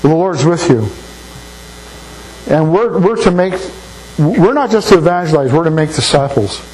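A man's voice: a little high, animated, moderate pace, a little mellow, poor audio. An older man preaching a sermon in a folksy, anecdotal way, often repeating words as he thinks. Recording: faint mains hum.

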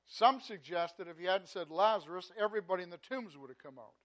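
Expressive and quick, this high-pitched pastor preaches in a conversational style. He frequently repeats words, says "you know" a lot, and alternates loud emphatic moments with hushed asides.

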